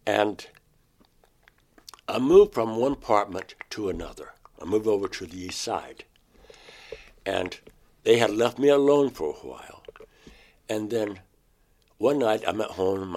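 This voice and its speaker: A man recounting a personal experience in an interview, in a halting, emotional way. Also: on the low side, animated, a little mellow.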